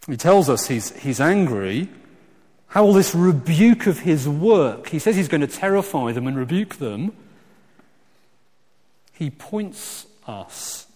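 A man preaching a sermon, animated and emphatic, with frequent restarts, swinging from loud exclamations to quiet asides. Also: on the high side, takes it slowly, pauses often. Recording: long hall reverb.

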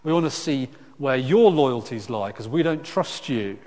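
A man preaching a sermon in a conversational way, with frequent restarts and lively asides. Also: medium pitch, a little slow. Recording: echoey hall reverb.

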